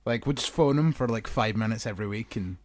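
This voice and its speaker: A man's voice: on the low side, quick pace. A man co-hosting a podcast in casual chat, sweary and jokey, often slipping into silly voices. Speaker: podcast co-host.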